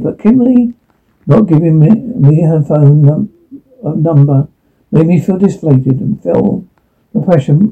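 A man reading a story aloud, halting and stumbling over words. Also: on the high side, vocal fry, breathy edge. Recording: tinny phone-like line.

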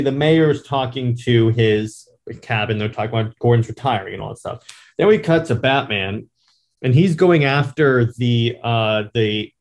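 A man's voice: medium pitch, darkish tone. A man rambling through a comic recap. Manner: enthusiastic, rambling, halting. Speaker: comic book reviewer. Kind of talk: casual plot recap.

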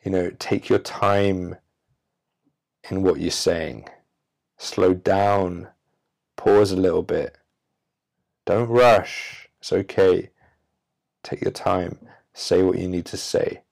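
A man with a very low, gravelly voice delivers a self-help monologue straight into the mic. He talks emphatically and preachily, stretching out pauses for effect. His deep register carries a rough, fry-laden edge. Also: fairly even intonation, a little mellow. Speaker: podcast host. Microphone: audio-only recording.

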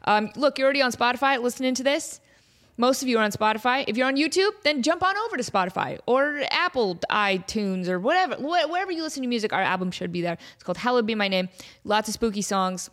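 A young adult woman hosting her podcast, telling stories in a casual, animated, self-mocking way, laughing often. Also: fairly high pitch, fast talker. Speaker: podcast host. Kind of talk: casual storytelling monologue.

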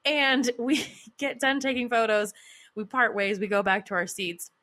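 A woman in her thirties with a fairly high voice spins casual stories at a moderate pace, her tone sharp. She's chatty, packs in plenty of fillers, and laughs often throughout the monologue.

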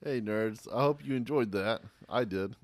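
A man's voice: on the low side, normal speed, no echo. A man co-hosting a podcast in casual chat, chiming in with teasing one-liners. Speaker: podcast co-host.

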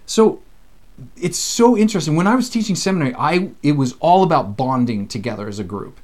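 A man's voice: a little high, expressive, brisk, darkish tone. A man from Canada, a former seminary teacher, co-hosting a casual chat in a playful, talkative way and acting out the voices he quotes.

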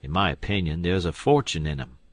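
A man voicing a sly middle-aged male swindler in an audiobook, talking in a slow, sardonic drawl. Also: low voice, expressive, no room sound. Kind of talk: audiobook character voice.

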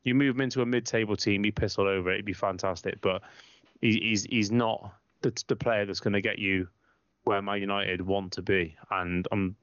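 A man's voice: fairly low pitch, fairly even intonation, moderate pace, fairly bright tone, dry recording. A man co-hosting a football podcast, ranting bluntly and swearing constantly in heated casual chat. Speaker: podcast co-host, football fan. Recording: dry, slightly muffled lo-fi sound.

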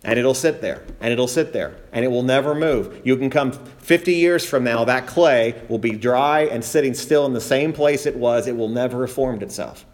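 A man preaching a sermon, reading scripture aloud and stressing points by repetition and slowing down. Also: mid-range voice. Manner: emphatic preaching, repeating phrases for stress, slowing down on key points; reads scripture aloud in King James wording.

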